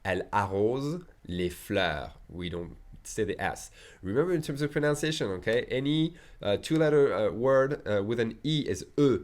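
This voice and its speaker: A man teaching a beginners' French lesson in English with a French accent, lively and often checking in with "ok?" and "d'accord?". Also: medium pitch, moderate pace, hardly any pauses. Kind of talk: language lesson.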